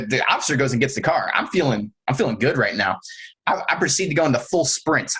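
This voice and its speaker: Husky podcast guy telling a story, acts out what people said. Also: a little high, low-quality recording. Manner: animated, acts out quotes. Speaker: podcast co-host. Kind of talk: casual storytelling.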